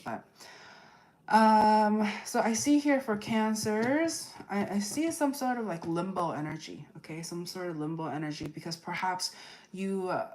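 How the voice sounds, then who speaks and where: A woman giving a live tarot energy forecast, rambling with many fillers and tag questions, and acting out quoted people in lively voices. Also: medium pitch, a little slow. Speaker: tarot reader.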